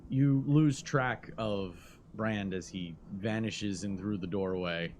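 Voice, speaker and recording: Game master narrating slowly. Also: low voice, a little mellow, a little hiss or hum.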